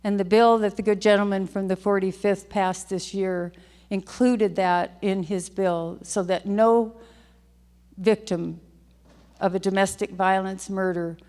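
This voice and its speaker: A woman's voice: medium pitch, fairly even intonation, a little slow, a little mellow. Older lady legislator giving a heartfelt speech, big echoey chamber. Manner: heartfelt, emotional, repeats phrases. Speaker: state legislator. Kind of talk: floor speech. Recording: long hall reverb.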